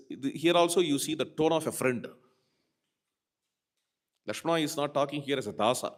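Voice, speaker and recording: Man, spiritual teacher, devotional discourse, slightly high voice, lively swooping intonation. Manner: animated, repeats key phrases, quotes verses.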